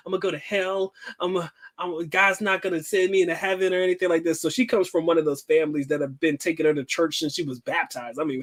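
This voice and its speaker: Profane, slangy man telling a story. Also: sits high. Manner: animated, profane, slangy storytelling with acted-out quotes. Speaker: livestream host. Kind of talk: casual storytelling livestream.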